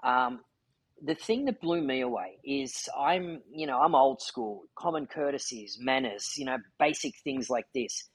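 A man hosts a podcast and recounts a story with earnest, heartfelt feeling. His voice has a husky grain and sits at a middle pitch. The sound is dry and close. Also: animated, measured pace, no echo, low-quality recording. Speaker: podcast host. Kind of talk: casual chat.

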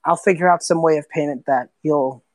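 A woman voicing a short, gruff old male lighthouse keeper with wild white hair, who talks bluntly and impatiently. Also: deep voice, brisk, a little mellow, no room sound, lightly acted.

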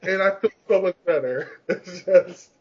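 A man with a slightly high voice tells rambling, self-mocking stories in a casual podcast chat. He laughs often between his words. The recording sounds a little dull and lo-fi. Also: a little slow. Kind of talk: casual storytelling chat about gaming rage.

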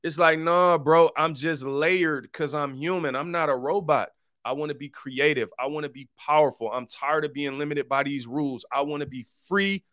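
A man hosting his own podcast in a casual, animated, preachy monologue full of slang. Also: fairly high pitch, normal speed, no echo, studio quality. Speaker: podcast host.

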